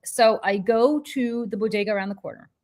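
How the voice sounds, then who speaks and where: A woman hosting a podcast, telling a story in casual chat with lively, profane energy. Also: fairly high pitch. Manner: animated, profane, quick restarts. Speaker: podcast host.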